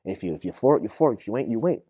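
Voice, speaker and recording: A man's voice: lowish voice, lively intonation, rapid-fire, dark tone, slightly rough, no echo, studio quality. A young man from telling his prison story in a podcast interview, heavy on slang and "you feel me.". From Boston, Massachusetts. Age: young adult. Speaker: guest.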